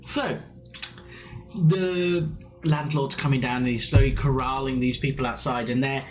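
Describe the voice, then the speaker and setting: A man's voice: mid-range voice, steady tone, a little slow, slight background noise, rough recording. A man, narrating as game master in a playful, chatty way. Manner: playful, chatty, laughs often.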